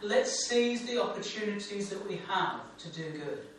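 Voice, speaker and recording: A man's voice: high voice, expressive, normal speed, fairly bright tone. A man preaching a sermon as a pastor, with an emphatic, repetitive cadence. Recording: echoey room, distant mic, faint hum.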